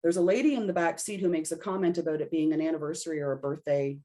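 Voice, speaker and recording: A woman's voice: deep voice, steady tone, fast, mellow. A woman guest on a podcast, telling a personal story in casual conversation and acting out her own reactions as she goes. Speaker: podcast guest, intuitive reader.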